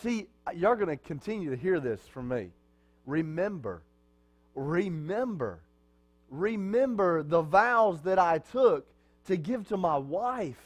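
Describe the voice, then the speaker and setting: A man in the pulpit delivers a sermon to his congregation in a fairly high-pitched voice. He talks in a conversational way, tossing out rhetorical questions and answering them himself. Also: lively intonation, unhurried. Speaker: pastor.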